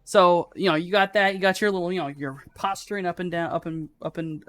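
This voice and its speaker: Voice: medium pitch, steady tone, a little fast, fairly bright tone, clear, resonant tone, dry recording, faint music behind. A game master narrating a live tabletop game in a casual, swearing, filler-heavy way.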